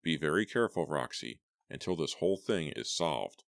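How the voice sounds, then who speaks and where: A man voicing a calm, matter-of-fact middle-aged father in a storybook reading, measured and patient. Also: a bass voice, gravelly, no room sound, clean studio sound, full character voice.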